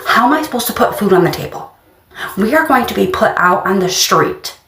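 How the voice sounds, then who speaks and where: A woman's voice: medium pitch, animated, fairly quick, fairly bright tone, far from the mic, a little hiss or hum. A woman ranting in exasperation about her benefits being on hold. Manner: exasperated, complaining. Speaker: social media poster. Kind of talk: ranting phone video. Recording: echoey room.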